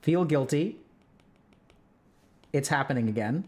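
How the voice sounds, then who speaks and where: A man's voice: on the high side, expressive, a little slow, darkish tone. A man explaining relationship advice in a casual, conversational way, full of "like" and "right?" check-ins. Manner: breaks into role-played example dialogue. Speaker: podcast host giving relationship advice.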